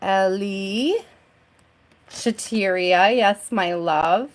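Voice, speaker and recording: A woman tarot reader talking on a live stream at a slow, relaxed pace. Her chat is loose and friendly and broken up by frequent laughter. She greets her viewers one by one as she builds a list. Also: mid-range voice.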